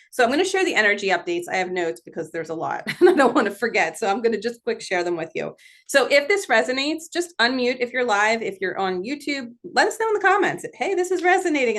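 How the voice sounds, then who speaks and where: Chatty woman medium on a video call. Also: mid-range voice. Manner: chatty, animated, laughs often. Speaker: medium hosting a gallery session. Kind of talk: casual live-stream talk.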